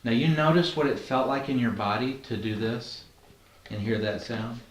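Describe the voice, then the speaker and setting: A man's voice: medium pitch, moderate pace, echoey room, slight background noise. A man leading a training class, talking conversationally and asking the group questions. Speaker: NLP trainer. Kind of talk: classroom teaching.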